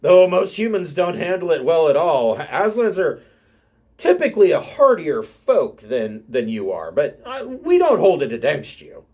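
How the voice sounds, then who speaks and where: A man's voice: a little high, very animated, unhurried, warm tone, breathy edge, heavily acted. A man voicing a hardy, polite female lion-like alien brewer in a tabletop game.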